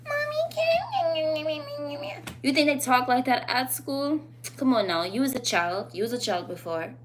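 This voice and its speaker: A woman talking straight to camera in a casual opinion vlog, blunt and animated, her thoughts rambling between emphatic points. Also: on the high side, normal speed, background noise. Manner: loose, rambling phrasing with fillers. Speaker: vlogger.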